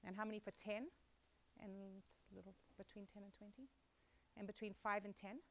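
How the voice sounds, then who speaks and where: A woman's voice: mid-range voice, little pitch movement, moderate pace, a little hiss or hum, rough recording. Teacher and guest speaker, woman, 40s, mixed South African accent, chatty, lots of ums. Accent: mixed South African, Australian and American. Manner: warm, chatty, many ums. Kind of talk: public talk to an audience.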